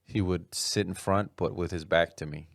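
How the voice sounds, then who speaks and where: A man with a low, gravelly voice needles his friends on a comedy podcast. His pitch swings about in a lively way as he teases. The recording is close and dry. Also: moderate pace, dry recording. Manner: teasing, needling banter. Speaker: podcast host. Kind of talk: casual comedy chat.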